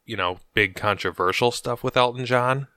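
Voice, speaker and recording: A man co-hosting a podcast, chatting casually about movies in a halting way with frequent ums. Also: medium pitch, sharp tone, no room sound, studio quality. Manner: hesitant, halting, frequent ums and you-knows. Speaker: podcast co-host.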